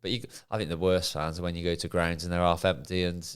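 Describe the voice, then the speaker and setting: A middle-aged man with a very deep voice spins football anecdotes, breaking into laughter partway through his stories. He talks easily in a relaxed podcast chat among old teammates. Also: fast talker, clean tone. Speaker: podcast co-host, former footballer.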